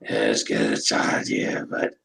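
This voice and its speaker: A man voicing a middle-aged male school dean whose larynx was crushed, so he talks in a slow, strained, whispery rasp. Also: bright, forceful tone, slight background noise. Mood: weary.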